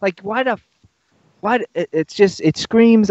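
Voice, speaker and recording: A man's voice: high voice, normal speed, darkish tone, no echo. A man in a casual movie review chat, swearing and exasperated. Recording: dull lo-fi sound.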